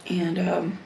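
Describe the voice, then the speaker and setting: A woman chats casually in a slow, rambling way, trailing off into fillers as she eats. Her voice is gravelly and sits low. Faint room noise hums behind her. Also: a little mellow. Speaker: mukbang vlogger. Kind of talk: casual chat while eating.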